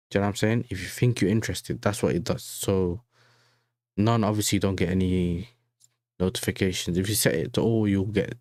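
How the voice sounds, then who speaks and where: A young man talks loosely and casually to his stream chat, his voice sitting a little low. He is heavily slangy and keeps checking in with his viewers. The sound is close and dry, with no room around it. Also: a little mellow, no echo. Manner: chatty and slangy, keeps saying "you know what I'm saying". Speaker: football fan channel host. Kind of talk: casual livestream reaction chat.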